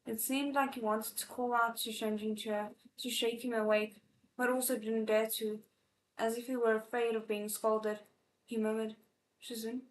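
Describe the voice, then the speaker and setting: A woman reading a novel aloud live, expressive, with emotional asides between passages. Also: a little high, normal speed, a little hiss or hum. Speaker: audiobook reader. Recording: echoey room.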